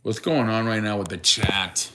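A man's voice: on the low side, normal speed, background noise. A man hosting a casual live sports stream, reading the chat and greeting viewers by name, with a running "I beg your pardon" joke.

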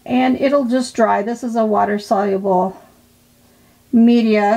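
A woman with a slightly high voice talks through a craft demonstration. She chats casually and encourages the viewer, admiring her own pages as she goes. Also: steady tone, a little slow, warm tone. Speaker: art tutorial host.

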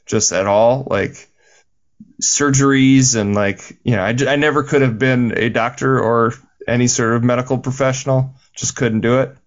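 A man's voice: medium pitch, steady tone, normal speed, highs cut off. A man co-hosting a movie podcast, casual and enthusiastic, with some stammering and swearing. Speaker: podcast co-host. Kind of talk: casual movie review chat.

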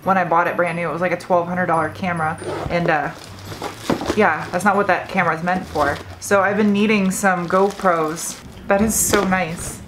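A young woman hosting her car vlog, talking casually and getting excitable as she opens gifts from viewers. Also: fairly low pitch, normal speed, noisy background. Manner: chatty, excitable when unboxing gifts. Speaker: car vlogger and host.

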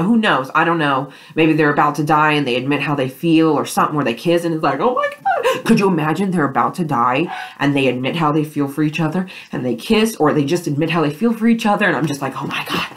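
A young woman talks fast and loose in a casual fan vlog, gushing and rambling with plenty of fillers. Her voice sits low for a woman. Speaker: vlogger. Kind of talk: excited fan reaction vlog.

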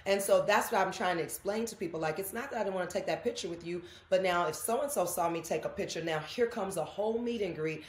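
A woman with a somewhat low voice tells stories with lively energy, slipping into the voices of the people she quotes. Her words ring out in an echoey room. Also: quick pace, few pauses. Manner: animated storyteller, acts out quoted voices. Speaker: guest. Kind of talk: casual interview chat.

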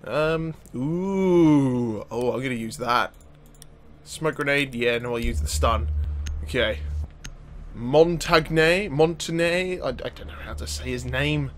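A man giving chatty, excitable commentary over his own gameplay, often laughing and swearing. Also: medium pitch, unhurried, slight background noise. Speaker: gaming video host.

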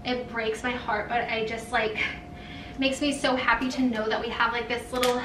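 A young woman vlogging casually as she opens fan mail, gushing and excitable. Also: fairly high pitch, moderate pace, noisy background. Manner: gushing, excitable, says "oh my god" often. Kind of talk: casual vlog chat, reading letters aloud. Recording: roomy, mic a little far off.

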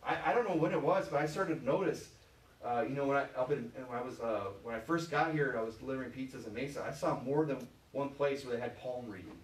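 A male pastor from Michigan preaching loosely and conversationally, peppering his talk with "you know" and questions to the pews. His voice sits at an ordinary middle pitch and is picked up from a distance, ringing around a reverberant church room with a faint hiss underneath. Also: fast. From Michigan, USA. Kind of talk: informal sermon. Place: church sanctuary. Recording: echoey church, voice from far off.

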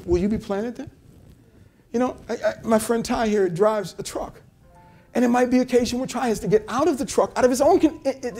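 A man's voice: very high voice, darkish tone. A male pastor preaching a sermon with passion, repeating phrases and calling out to the congregation. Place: church service in a hotel venue.

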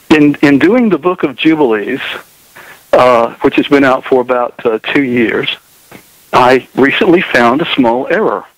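A man with a Southern US accent, an author being interviewed on the radio, speaking slowly and pausing often on fillers. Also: medium pitch, expressive, no room sound, rough recording. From Southern United States. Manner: hesitant, many fillers. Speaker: author and guest.

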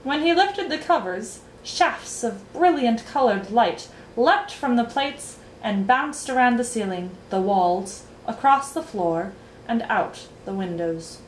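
A woman reading a children's novel aloud in an expressive storytelling voice. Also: fairly high pitch, slow pace, a little hiss or hum. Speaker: reader. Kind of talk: storybook read-aloud narration. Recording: roomy echo, faint ambience.

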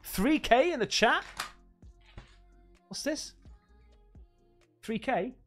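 A man's voice: very high voice, lively intonation, very slow, a bit bright, faint music behind. A man from England chatting casually on a livestream while opening fan gifts, swearing freely and laughing often.

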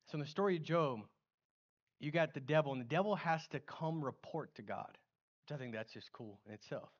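A middle-aged man preaching a sermon in a church, casual and animated, with slang and acted-out asides. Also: on the high side, brisk, dull audio. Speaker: pastor.

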